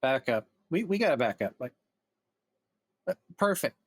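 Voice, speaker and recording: A man's voice: medium pitch, big pitch swings, normal speed, husky, dry recording. A man hosting a reaction video, chatting casually with rambling jokes and unsure asides.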